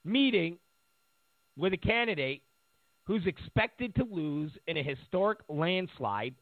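Guy ranting sarcastically, voice jumps high and low a lot, sounds like a phone line. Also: dry recording. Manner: sarcastic, mocking, acts out quoted voices. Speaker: political commentator. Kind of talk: ranting monologue. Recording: tinny phone-like line, dry.

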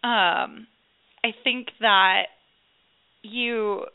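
Chatty woman with a gravelly voice. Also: a little high, fairly even intonation, very slow, no room sound. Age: 30s. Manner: chatty, many fillers and laughs. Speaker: guest. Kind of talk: casual podcast chat. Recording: phone-like narrow sound.

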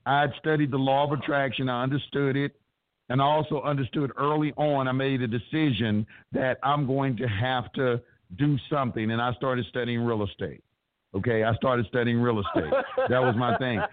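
A man's voice: medium pitch, fairly even intonation, moderate pace, dry recording. A man telling his story as an interview guest, blunt and emphatic, cursing heavily as he talks. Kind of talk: profane, animated storytelling. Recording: tinny, dry phone-like sound.

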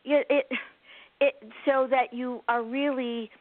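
A woman's voice: high voice, fairly even intonation, takes it slowly, no room sound. A woman healer being interviewed, telling stories with laughs and acting out the people she quotes. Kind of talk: animated storytelling interview. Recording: phone-like narrow sound.

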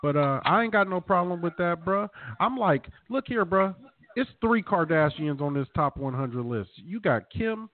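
A man co-hosting a podcast, chatting casually and reading numbers off a ranking with animated emphasis. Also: high-pitched, normal speed, no echo. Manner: animated, reads out figures from a list. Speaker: podcast co-host. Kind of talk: casual profane banter. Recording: dry, tinny phone-like sound.

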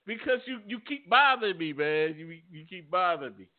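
A man's voice: high-pitched, animated, a little fast. Middle-aged guy stumbling over his words, laughing a lot, sounds like a phone line. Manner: laughing, stammering storyteller. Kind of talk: casual chat. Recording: tinny phone-like audio.

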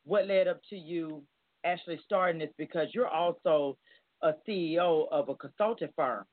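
A man's voice: a little high, moderate pace, dry recording. A man hosting an interview, asking questions in a loose, conversational way. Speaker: radio show host. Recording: dry, tinny phone line.

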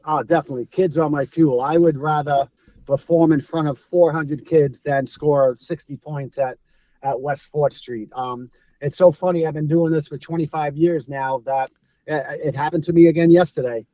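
Telling stories as an interview guest, this middle-aged Brooklyn native with a New York accent acts out the characters and laughs regularly; he's a former streetball player. His voice is on the high side and his pace normal. The recording is dry with the highs cut off.

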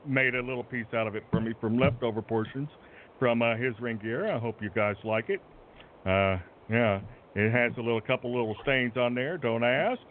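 A man's voice: mid-range voice, normal speed. A man in character as a brash wrestler, bragging and rambling, stretching his words for effect. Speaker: wrestler persona on a talk show. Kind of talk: in-character wrestling promo chat. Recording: tinny phone-like line, faint noise.

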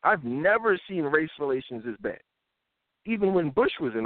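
A man in his thirties hosting a live commentary show, ranting in an animated way and mocking people in put-on voices. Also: fairly high pitch, normal speed, no room sound. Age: 30s. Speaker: host. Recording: tinny phone-like sound.

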